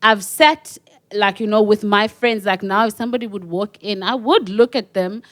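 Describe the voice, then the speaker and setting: A South African woman co-hosting a podcast, telling stories in a lively, animated way. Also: medium pitch, moderate pace. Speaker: podcast co-host. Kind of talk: casual chat.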